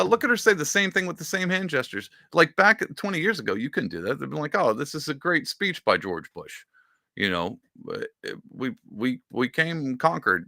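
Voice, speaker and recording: A man's voice: medium pitch, vocal fry, pushed and bright, no echo, studio quality. A man hosting a podcast, giving casual, rambling political commentary with sarcastic asides. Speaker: podcast host.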